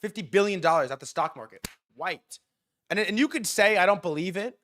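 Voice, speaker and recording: A young man hosting a livestream, ranting excitedly and profanely, jumping from loud bursts to quieter mumbled asides. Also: high-pitched, a little fast. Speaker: livestream host. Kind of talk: hyped livestream market rant.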